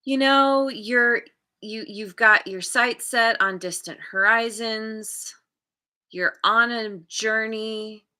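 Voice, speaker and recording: A woman reads tarot cards live, talking her way through each card at an unhurried pace. Her voice is bright and a little sharp, and her sentences meander and restart as she hunts for the right words. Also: fairly high pitch. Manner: meandering, restarts often while searching for words. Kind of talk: live tarot reading, thinking aloud.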